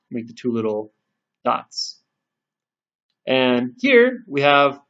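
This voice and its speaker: A man with a mid-pitched voice narrates a recorded language lesson over slides. He speaks patiently, slowing down to drill each syllable aloud. The recording sounds a little muffled and lo-fi. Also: fairly bright tone. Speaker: Japanese language teacher.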